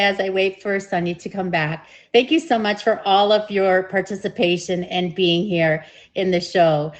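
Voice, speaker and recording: A woman hosting a live-streamed matchmaking show, gushing and excitable, squealing when pleased. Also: mid-range voice.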